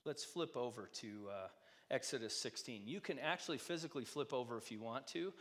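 A man preaching a sermon in a conversational way, asking the congregation many rhetorical questions and swinging between loud and soft. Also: mid-range voice, a little fast. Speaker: pastor. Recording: long hall reverb.

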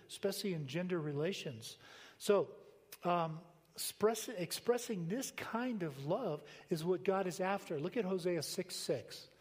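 An older male pastor preaches in an easygoing, conversational manner, full of stories and rhetorical questions. His voice sits a little high for a man. It carries a long reverb from the church sanctuary around him. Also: darkish tone. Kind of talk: sermon.

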